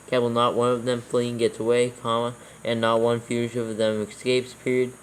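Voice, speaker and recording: Man, level monotone delivery, reads verses and punctuation aloud, faint room noise. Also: medium pitch, fairly quick, poor audio. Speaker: proofreader reading scripture aloud. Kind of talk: casual proofreading session, dictating punctuation.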